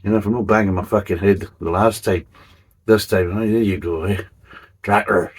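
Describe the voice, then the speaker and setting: A man's voice: fairly low pitch, moderate pace, husky. A man hosting a casual beer review, grumbling and swearing between jokey asides as he reads the label.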